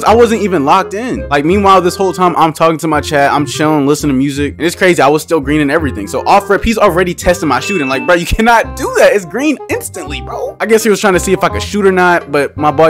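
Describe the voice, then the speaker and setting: A man's voice: on the high side, a bit bright. A young man giving casual, slangy gameplay commentary as a gaming YouTuber, dropping "bruh" constantly.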